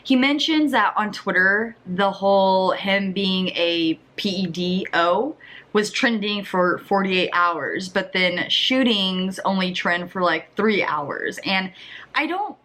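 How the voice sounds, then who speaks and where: A woman's voice: medium pitch, takes it slowly, fairly bright tone. A young woman giving casual commentary on a YouTube channel, with skeptical, exasperated asides.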